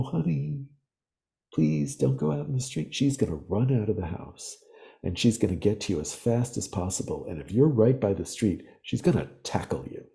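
Guy with a low mellow voice telling stories in an interview, earnest and lively. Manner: earnest, animated storytelling. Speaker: podcast guest. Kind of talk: reflective interview talk.

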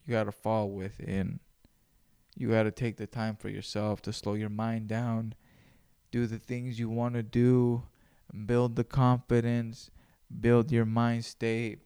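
A man's voice: medium pitch, darkish tone, smooth. Profane rambling podcast man. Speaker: podcast host. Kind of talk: casual solo podcast monologue.

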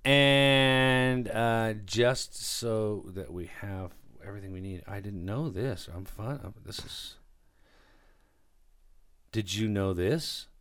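A man's voice: on the low side, slow, a bit bright, clean tone, no echo. A man co-hosting a podcast, telling offbeat news stories in a playful, joking way. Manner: playful, jokey storyteller. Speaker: podcast co-host. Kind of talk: casual banter.

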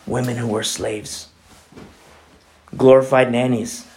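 Male pastor, mid-range voice, casual animated sermon with lots of asides. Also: medium pitch, takes it slowly. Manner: conversational, animated preaching with many asides.

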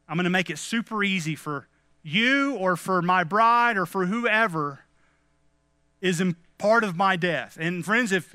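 High, bright-voiced earnest preacher man. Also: clean tone, no echo. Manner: earnest, addresses listeners as friends. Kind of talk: devotional message.

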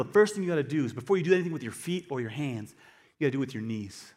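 A male pastor giving an animated sermon, swinging between quiet asides and loud emphatic bursts. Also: on the high side, racing. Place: church hall. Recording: long hall reverb.

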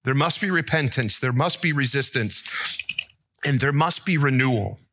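A man's voice: expressive, moderate pace, bright, forceful tone, slight background noise. A man preaching a sermon as pastor, asking the congregation questions, joking and rising to emphatic, pleading peaks. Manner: asks the congregation questions and tells jokes; rises to an emphatic, pleading pitch.

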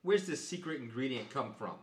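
A man doing a gruff skeptical townsman. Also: medium pitch, expressive, fairly quick, far from the mic, natural voice. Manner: blunt, rough folksy talk. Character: gruff suspicious male townsman. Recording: roomy stage echo.

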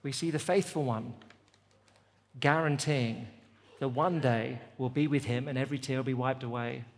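A man's voice: medium pitch, moderate pace. A man delivers a sermon with a mid-range voice and an emphatic, repeating cadence. His voice carries a long reverb, as in a large venue. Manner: emphatic, repetitive preaching cadence. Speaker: preacher. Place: festival venue.

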